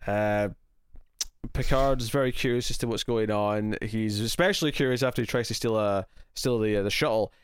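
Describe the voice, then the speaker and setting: A man's voice: fairly low pitch, normal speed, clear, resonant tone, no room sound. Scottish guy chatting bout a tv episode, laughs a lot, trips over his words, dry close mic. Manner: animated, laughs often, many restarts. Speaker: podcast co-host. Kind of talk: casual chat reviewing a TV episode.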